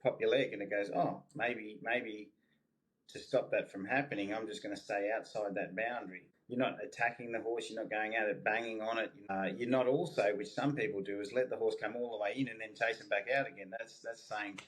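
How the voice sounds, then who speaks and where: Low-voiced horseman, easygoing. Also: fairly quick, rough recording. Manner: relaxed, explains with everyday comparisons. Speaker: horse trainer, guest. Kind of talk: casual interview answers.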